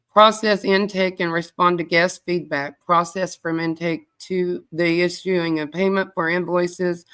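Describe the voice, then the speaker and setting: A woman hosting a livestream, reading a privacy policy aloud quickly, with sassy asides to viewers. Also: on the low side, fairly bright tone, clear, resonant tone. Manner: reads quickly, breaks off to chat with viewers. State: out of breath. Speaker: true crime livestream host.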